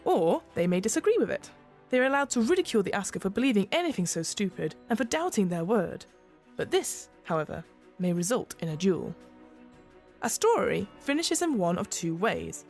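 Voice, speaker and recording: A woman game master reads the rules aloud in a clear, measured way. Her pitch moves a lot, and faint music plays behind her. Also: big pitch swings, a little mellow.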